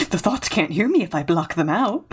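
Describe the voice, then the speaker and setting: Woman art streamer, playful and giggly, slow easy delivery. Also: medium pitch, breathy edge. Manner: giggly and playful, mumbles to herself. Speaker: streamer drawing live. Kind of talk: casual chat while drawing.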